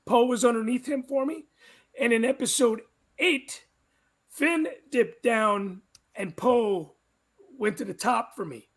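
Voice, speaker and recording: A man with a very high, bright voice guest hosts a casual chat. He rambles with frequent restarts and easy laughter while handing out his opinions. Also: slow, long pauses. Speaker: guest host.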